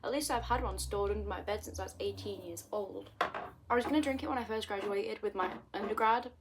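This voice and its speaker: A young British woman rambles to the camera in a casual, self-deprecating monologue, recorded close on a tablet at home. Her pitch sits in the middle for a woman, and she skips from one small topic to the next. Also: a little fast, very noisy. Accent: British English. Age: 20s. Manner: rambling, self-mocking, jumps between topics. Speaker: vlogger.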